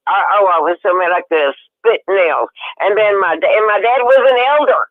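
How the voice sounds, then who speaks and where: A woman caller telling a personal story over the phone, emphatic and growing loud and heated. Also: mid-range voice, brisk, no room sound. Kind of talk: personal story on a call-in show. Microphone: telephone. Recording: tinny phone line.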